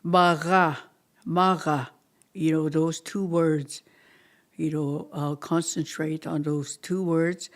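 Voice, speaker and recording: A language teacher leading a slow class, repeating each word many times with halting pauses and sometimes dropping to a near-whisper. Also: medium pitch, fairly even intonation, warm tone. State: dry mouth, thirsty.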